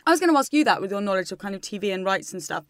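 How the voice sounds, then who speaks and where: A woman co-hosting a chat podcast, teasing and quick with a joke, swearing casually and laughing often. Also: medium pitch, sing-song, dry recording. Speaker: podcast co-host.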